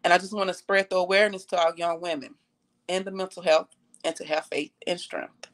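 A woman's voice: lowish voice, a little fast. A young woman sharing her own story on a live stream in an earnest, heartfelt way, repeating phrases for emphasis. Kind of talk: personal testimony on a live stream.

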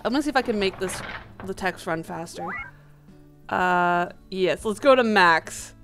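A woman's voice: fairly low pitch, lively intonation, measured pace, a bit bright, faint music behind. A woman hosting a let's play, chatting casually and rambling with lots of fillers.

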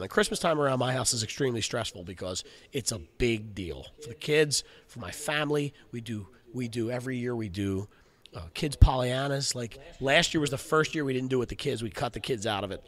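A man in his forties hosting a casual podcast chat, telling a personal story in an animated, slangy way. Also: mid-range voice, fairly quick. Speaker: podcast host.

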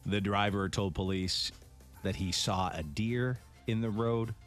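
A man's voice: on the low side, fairly even intonation, measured pace, fairly bright tone, soft background music. A man co-hosting a radio show, reading out a news story in a plain way between jokes. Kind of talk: casual radio banter.

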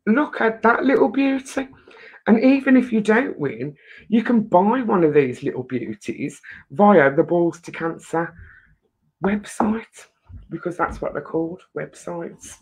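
A woman's voice: fairly low pitch, lively intonation, measured pace, darkish tone, breathy edge. A woman with an English accent hosting a casual live-stream chat, talkative and emotional. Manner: chatty, emotional, swears lightly. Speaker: host.

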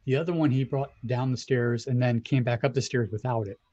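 A man narrating as game master of a tabletop game, with hesitant pauses and many fillers. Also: mid-range voice, fairly even intonation, warm tone, dull audio. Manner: hesitant, many ums and likes.

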